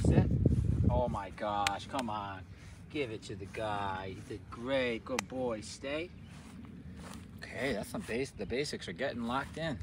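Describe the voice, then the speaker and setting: A man working as a dog trainer outdoors, coaching a dog and explaining his steps, swooping into high sing-song praise. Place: outdoors in a rural field. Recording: distant mic with loud outdoor noise.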